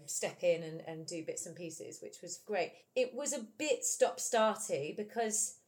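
A British actress from England, a musical theatre guest, chats in a casual interview full of animation and laughter. Her lowish, darkish voice has lively intonation and an unhurried pace.

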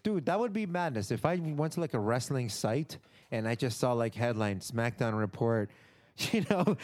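Animated man, casual wrestling chatter. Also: mid-range voice, moderate pace. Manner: animated, swearing, acts out quotes. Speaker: podcast co-host.

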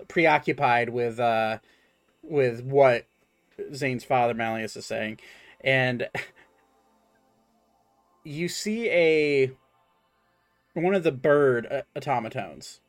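A man narrating a tabletop game as game master, with a halting delivery full of ums and restarts. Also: mid-range voice.

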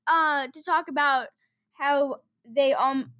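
A woman's voice: high voice, slow pace, fairly bright tone. A woman co-hosting a casual podcast, giggly and playful, talking back to her partner. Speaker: podcast co-host. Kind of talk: casual chat.

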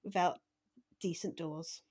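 A woman guest, a dialogue editor, chatting casually in a soft, giggly way. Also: fairly low pitch, fairly even intonation, moderate pace, breathy edge. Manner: soft-spoken, giggly, warm. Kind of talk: casual chat.

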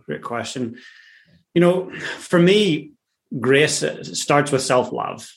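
A man's voice: a little high, animated, slow pace, gravelly. A man with an Irish accent, a coach talking in a podcast conversation in a reflective, storytelling way. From Ireland.

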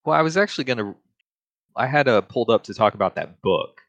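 A man co-hosting a podcast, chatting casually and explaining things at a measured pace with some hedging. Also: medium pitch, lively intonation, fairly bright tone, no room sound. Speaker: podcast co-host. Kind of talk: casual chat.

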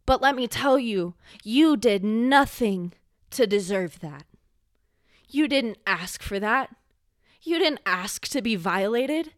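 A young woman hosting a solo podcast, speaking with raw emotion and swearing, sometimes rising to a yell. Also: fairly high pitch, expressive, slow pace, dry recording, clean studio sound. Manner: impassioned, swearing, rising to yelling when angry. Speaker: podcast host.

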